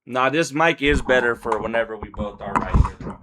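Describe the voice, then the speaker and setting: A man hosting a casual livestream, talking loud with slangy, joking banter into a desk microphone. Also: medium pitch, a little fast, noisy background. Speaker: livestream host. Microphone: desk microphone being adjusted.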